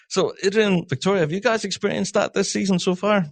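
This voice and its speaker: A man hosting a podcast in casual chat, talkative and quick to laugh. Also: high-pitched, gravelly. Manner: chatty, laughs often, quick asides. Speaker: podcast host.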